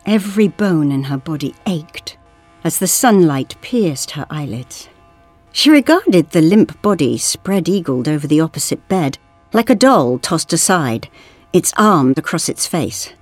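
A woman narrating an audiobook story in an expressive way. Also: low-pitched, measured pace, no echo, soft background music. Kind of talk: scripted narration.

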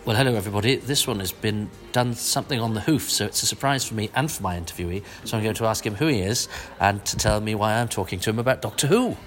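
A man hosting an interview podcast, asking questions in a brisk, chatty way. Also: fairly low pitch, a bit bright, faint music behind. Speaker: podcast host. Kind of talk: casual interview.

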